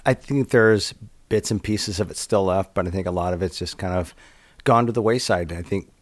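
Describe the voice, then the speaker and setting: A man's voice: sits low, moderate pace, no echo. A middle-aged man from Minnesota in casual podcast chat, plainspoken with a dry sense of humor. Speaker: podcast co-host. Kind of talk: casual conversation.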